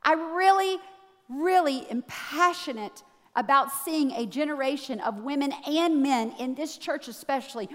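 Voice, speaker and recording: A woman preaching a sermon to a church, animated, swinging between hushed, low passages and loud, excited ones. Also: measured pace, big-room sound.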